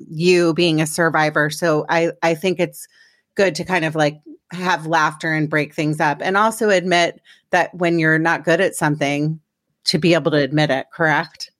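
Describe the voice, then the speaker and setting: A woman's voice: low voice, dry recording. A woman hosting a podcast, chatting casually and making fun of herself in a rambling way. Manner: chatty, rambling, self-mocking. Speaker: podcast host. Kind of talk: casual self-deprecating chat.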